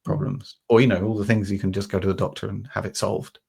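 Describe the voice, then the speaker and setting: Low creaky-voiced man, rambling explainer. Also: flat delivery, quick pace, a little mellow. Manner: meandering, many fillers and restarts, explains through homely examples. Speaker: podcast host. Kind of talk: reflective conversational explanation.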